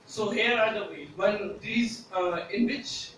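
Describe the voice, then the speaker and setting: High-voiced man presenting in an echoey room. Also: slow pace. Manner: hesitant, frequent "uh" fillers, explanatory. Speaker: student presenter. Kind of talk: classroom presentation. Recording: echoey room from a distance with faint noise.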